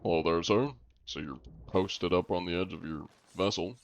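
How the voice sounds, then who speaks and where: A man's voice: low voice, normal speed. A man putting on a mock-polite inspector voice. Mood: mock-official. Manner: formal, mock-official politeness. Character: officious male anti-cheat inspector, mock-polite. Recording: dull lo-fi stream audio.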